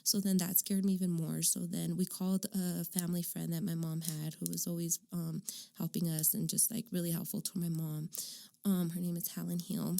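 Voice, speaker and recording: Woman, 30s, from Arizona; interviewee, low pitch, gravelly edge, candid and halting storytelling. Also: level tone, warm tone. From Arizona, United States. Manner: candid, frequent "um" and "like". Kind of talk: personal storytelling.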